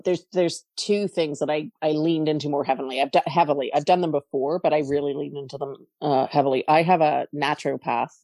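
Middle-aged Canadian woman, low voice, animated storyteller, dry close recording. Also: a little fast, hardly any pauses, dry recording. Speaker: podcast guest, coach. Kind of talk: casual interview talk.

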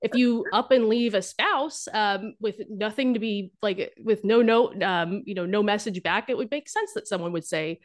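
A woman's voice: mid-range voice, normal speed, few pauses. Chatty young woman, joking about dating. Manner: chatty and humorous, with many fillers and restarts. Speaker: guest, dating content creator. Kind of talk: casual interview talk.

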